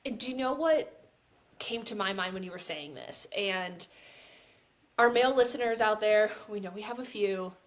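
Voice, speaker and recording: A woman co-hosts a casual podcast conversation, speaking earnestly with lots of restarts and frequent "like". Her voice is medium-pitched and animated, at a normal speed.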